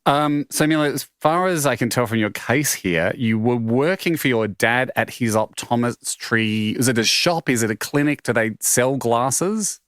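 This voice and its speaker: A man's voice: mid-range voice, fairly bright tone, no echo, clean studio sound. Joking Australian man, podcast co-host. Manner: joking, quick asides. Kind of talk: casual comedy chat.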